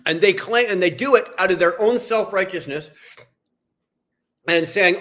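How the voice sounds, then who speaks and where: Angry high-voiced man ranting. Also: moderate pace, pauses often, a bit bright. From Canada. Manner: profane, heated, repetitive. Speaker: streamer. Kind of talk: angry livestream rant.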